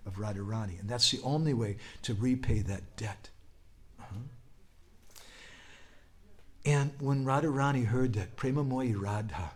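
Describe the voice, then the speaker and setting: A man's voice: mid-range voice, normal speed. A man giving a devotional talk, telling stories with whispered asides and chanted verses. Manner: animated storytelling, drops to whispers, bursts into chanting. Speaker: spiritual teacher.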